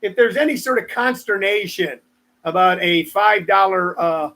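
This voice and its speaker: Hosting his live stream, a comedian in his sixties rambles through stories and cracks asides to viewers in a casual monologue. His high voice is gravelly, bright, and forceful, delivered at normal speed.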